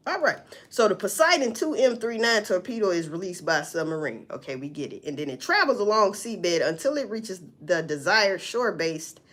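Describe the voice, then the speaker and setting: A woman vlogger talking through a news story in casual, profane, animated commentary, often answering her own questions. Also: mid-range voice, moderate pace, few pauses. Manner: profane, animated, talks back to herself.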